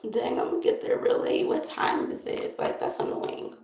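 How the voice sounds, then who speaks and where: A woman's voice: moderate pace, darkish tone, echoey room, low-quality recording. A young woman vlogger chatting casually while doing her makeup, rambling and laughing often.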